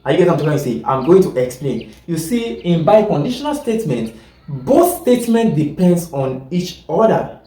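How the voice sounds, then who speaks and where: A man gives a logic lecture in a fairly high, mellow voice, picked up from a distance in an echoey room. He circles back over each point, corrects himself as he goes and keeps asking whether his students are following. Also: sing-song. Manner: repetitive, keeps checking that listeners follow; halting, self-correcting explanations. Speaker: teacher. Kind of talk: classroom lecture.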